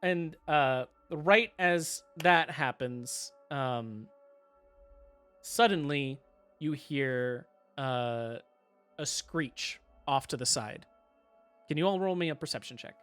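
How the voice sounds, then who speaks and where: Guy dming a tabletop game, bright crisp voice, lots of likes and ums. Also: a little high, expressive, takes it slowly, soft background music. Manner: casual, filler-heavy narration. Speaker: dungeon master.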